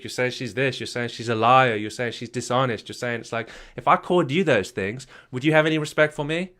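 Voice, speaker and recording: A marriage coach delivers a motivational talk, emphatic and repetitive, firing questions at his listener. His voice is medium in pitch with a fairly bright tone.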